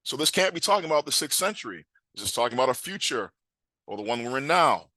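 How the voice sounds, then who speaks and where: A man teaching a scripture class, emphatic, quizzing his listeners and reading words aloud slowly. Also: medium pitch, very animated, sharp tone, no room sound.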